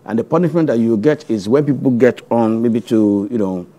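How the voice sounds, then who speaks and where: A man's voice: medium pitch, moderate pace. A middle-aged man with a Nigerian English accent, a veteran broadcaster on a studio panel who tells stories with lots of restarts. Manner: animated, storytelling, many restarts.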